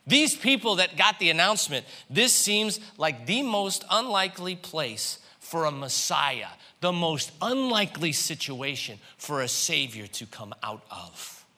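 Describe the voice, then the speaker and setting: A man preaching a sermon, animated, swinging between loud passages and hushed ones. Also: a little high, a little slow, few pauses. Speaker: pastor.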